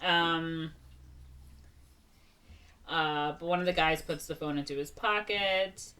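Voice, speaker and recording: A woman's voice: deep voice, takes it slowly, sharp tone, distant mic. A woman podcast co-host casually retelling a film's plot, rambling with lots of "like" and "um" fillers. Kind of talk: casual movie recap.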